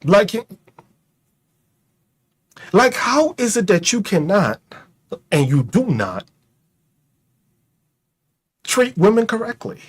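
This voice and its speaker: A male streamer and commentator rants mockingly and profanely to his online audience, firing off rhetorical questions and laughing at his own jokes. His high, sing-song voice is slightly rough, and he speaks slowly with long pauses.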